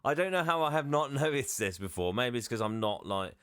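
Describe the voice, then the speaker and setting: A man's voice: medium pitch, animated, fairly quick, fairly bright tone, clear, resonant tone, no room sound. Rambling man, dry sound. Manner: rambling, hesitant, laughs often. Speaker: podcast co-host. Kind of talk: casual chat.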